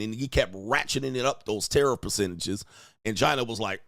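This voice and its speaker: A man hosting a news commentary channel, reading headlines and reacting in an animated, slangy way, often quoting people in put-on voices. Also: mid-range voice, fairly quick, creaky, dry recording, studio quality.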